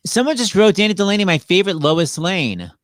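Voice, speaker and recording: Animated, playful male host. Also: sits high, brisk, no room sound. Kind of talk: casual chat on a video stream.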